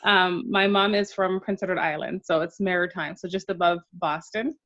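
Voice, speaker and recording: A woman's voice: lowish voice, steady tone, moderate pace, fairly bright tone, muffled recording. A woman from Alberta, Canada, an author and entrepreneur speaking earnestly as an interview guest.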